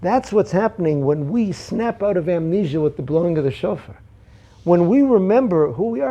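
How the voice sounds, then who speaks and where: A man gives a Torah class as a storyteller, acting out the voices in his parables. His voice is gravelly with fry and has a husky grain. It sits a little high for a man and sounds dark in tone. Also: animated, normal speed, highs cut off. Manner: storytelling, acts out quotes. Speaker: Torah teacher.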